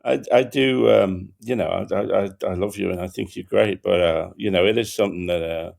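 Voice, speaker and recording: A male comedian hosting a casual chat, answering in halting, hesitant bits with many restarts. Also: deep voice, creaky, darkish tone. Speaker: host comedian. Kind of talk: casual conversation.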